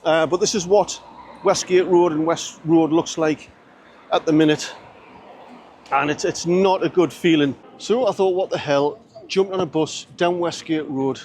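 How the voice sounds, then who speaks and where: A man from northern England giving earnest walking commentary outdoors, speaking in measured phrases with pauses and restarts. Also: a little high, fairly even intonation, a little mellow, a little hiss or hum. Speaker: vlogger. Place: outdoors on city streets.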